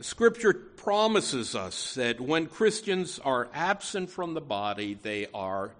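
A man's voice: mid-range voice, very animated, slow, hardly any pauses. A man preaching a sermon in an earnest, emphatic way, often restarting phrases and saying "you know".

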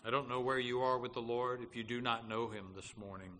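Earnest pastor preaching in a reverberant church. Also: male voice, medium pitch, fairly even intonation, fairly quick, sharp tone. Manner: earnest, with frequent fillers and restarts, rising to emphatic declarations. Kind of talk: sermon. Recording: long hall reverb, faint background noise.

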